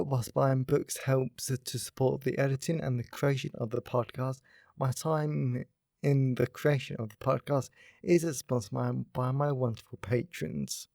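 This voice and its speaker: A young man talks through his solo podcast in a loose, rambling way, dropping "like" into nearly every phrase. His mid-pitched voice carries a gravelly, fry-edged texture. The sound is close and dry, with no room around it. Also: warm tone, no room sound. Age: young adult. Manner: upbeat, rambling, heavy use of "like" fillers. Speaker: podcast host. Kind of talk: casual solo podcast chat.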